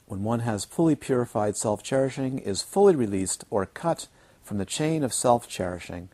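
A man teaching a dharma talk to retreat students, playful and animated, repeating words for emphasis and mimicking his students. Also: mid-range voice, moderate pace. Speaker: Buddhist teacher. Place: retreat centre teaching hall.

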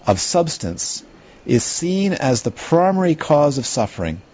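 A man's voice: fairly high pitch, big pitch swings, a little slow, a little mellow, slightly rough. Rambling middle-aged man lecturing on a dull recording. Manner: rambling, conversational, checks in with listeners. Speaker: Buddhist teacher. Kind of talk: lecture to a class.

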